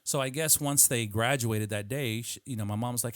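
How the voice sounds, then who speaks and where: Profane storytelling podcast host. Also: male voice, mid-range voice, normal speed, no echo, clean studio sound. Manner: animated, profane, acts out quotes. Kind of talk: casual storytelling chat.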